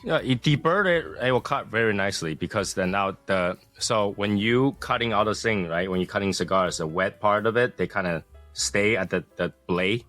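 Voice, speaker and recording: A man's voice: lowish voice, normal speed, a bit bright, faint music behind. A man co-hosting a casual podcast, explaining things patiently and teasing the others. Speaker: podcast co-host. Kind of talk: casual chat.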